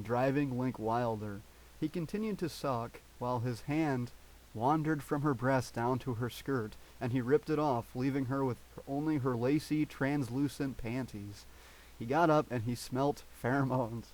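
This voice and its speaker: A man doing a comic read-aloud of a story in a deadpan voice, now and then cracking up. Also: medium pitch, low-quality recording. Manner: deadpan reading, breaking into laughter. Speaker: reader of fan fiction.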